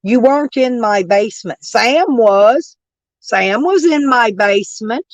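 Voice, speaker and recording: Brash, profane woman with an allergy-rough voice. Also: fairly high pitch, expressive, unhurried, no echo, poor audio. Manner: brash, profane, argues with chat. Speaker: livestream host reading chat. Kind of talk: casual livestream rant.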